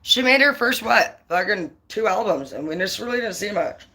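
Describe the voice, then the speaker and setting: The speaker, a tarot reader on an informal live stream, has an expressive mid-range voice with a sharp tone and moderate pace. Constant swearing fuels a blunt, heated rant, and the delivery is confrontational throughout.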